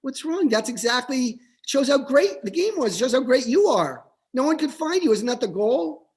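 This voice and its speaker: A man's voice: very high-pitched, fairly quick, breathy edge, pitched above the performer's own voice. A man voicing a father puzzled by his son's distress.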